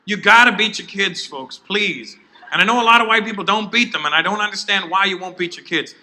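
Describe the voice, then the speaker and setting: High-voiced male stand-up comedian. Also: fairly quick, pushed and bright. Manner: blunt, punchy delivery with acted asides. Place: comedy stage before a live audience.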